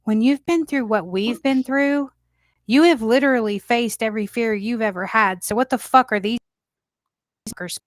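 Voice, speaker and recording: A woman's voice: on the high side, moderate pace, no echo, studio quality. A woman hosting a casual livestream talk show, brash and emphatic, swearing freely.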